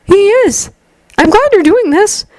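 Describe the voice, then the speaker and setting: A woman voicing an excitable, gentle teenage boy who sounds bright, earnest and eager. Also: extremely high pitch, unhurried, dry recording, pitched above the performer's own voice. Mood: earnest, caring.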